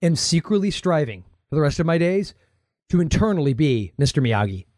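An American man co-hosting a podcast, rambling in casual chat and slipping into quick playful impressions. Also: on the high side, very animated, darkish tone, no echo, clean studio sound. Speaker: podcast co-host.

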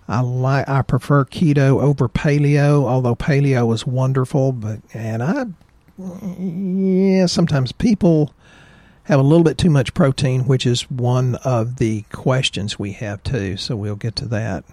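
A man co-hosting a casual health chat, opinionated and animated as he tells stories. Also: medium pitch, a little slow, no echo. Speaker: podcast co-host, chiropractor.

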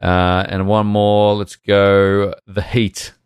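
Low-voiced man co-hosting a gaming podcast. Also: flat delivery, slow, clean tone, no room sound, clean studio sound. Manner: chatty, reads listener emails aloud. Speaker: podcast co-host. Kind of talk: casual chat.

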